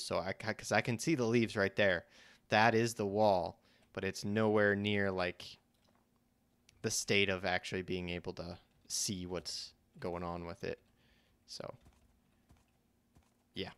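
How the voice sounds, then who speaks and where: A young man talking through a building game as he plays it, in a rambling, think-aloud way. His voice sits low and comes across smooth and clear, and he often circles back to restart a phrase before carrying on. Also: a bit bright. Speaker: let's play host. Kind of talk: casual gameplay commentary from a live stream.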